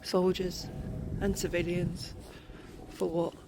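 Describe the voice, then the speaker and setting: Soft-spoken woman vlogging outdoors. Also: fairly low pitch, little pitch movement, slow pace. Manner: reflective, soft-spoken, often drops to a hush. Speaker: travel vlogger. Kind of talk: walking vlog narration. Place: outdoor cemetery grounds. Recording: clear outdoor background noise.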